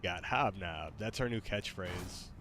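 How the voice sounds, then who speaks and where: A fairly low-voiced man jokes around casually while streaming a game. He sounds easygoing and goofy, with clear background noise under his voice. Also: unhurried, fairly bright tone. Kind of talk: casual gaming stream chat.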